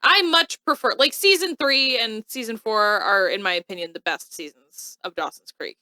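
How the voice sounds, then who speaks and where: A woman co-hosting a show, chatting casually as she recaps an episode with lots of "like" and quick asides. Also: a little high, no echo. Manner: lively, animated retelling with frequent "like". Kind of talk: casual chat.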